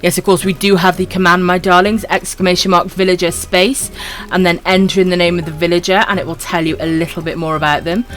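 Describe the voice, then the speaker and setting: A woman from Wales with a husky voice and a dry throat, chatting casually to viewers while streaming a game and calling them her darlings. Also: on the low side, level tone, fast talker, fairly bright tone, faint music behind. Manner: affectionate, calls viewers my darlings.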